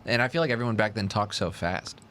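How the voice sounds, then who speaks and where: A young podcast co-host with a fairly low, fairly bright voice talks fast in a casual chat. He's chatty and rambles through his thoughts, slipping into mock old-timey announcer voices.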